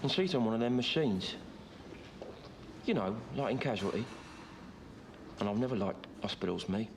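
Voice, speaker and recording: A man telling a comic first-person story in a rambling, deadpan, confiding way. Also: lowish voice, moderate pace, a little hiss or hum.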